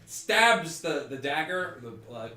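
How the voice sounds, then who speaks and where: A man narrating as game master of a tabletop game, talking haltingly with many fillers and restarts. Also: on the high side, sing-song, sharp tone. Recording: roomy stream audio with faint music.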